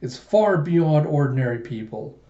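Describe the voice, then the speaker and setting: A man's voice: animated, moderate pace, lightly acted. A man voicing a proud, sheltered young male dragon warrior who gets easily flustered, reading aloud from a manga. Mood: haughty. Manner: shrieks high and loud in panic. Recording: dull echoey room recording.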